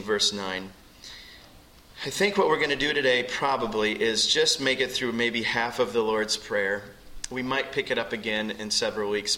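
A man's voice: medium pitch, pushed and bright, reverberant, low-quality recording. A pastor preaching a sermon to his congregation, earnest and emphatic, acting out prayers as he teaches.

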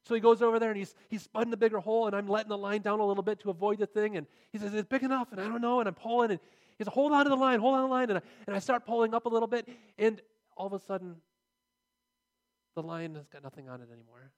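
A man's voice: high voice, quick pace. A man preaching a sermon, earnest and building to emphatic, repeated phrases as he drives his points home.

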